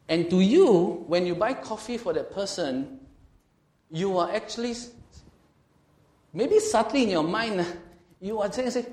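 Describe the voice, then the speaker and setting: A man with a Singaporean English accent preaching a sermon as a pastor, swinging between loud and quiet delivery and acting out quoted speech. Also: high-pitched, unhurried, roomy sound. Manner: lively, swings from loud to quiet, laughs often, acts out quotes.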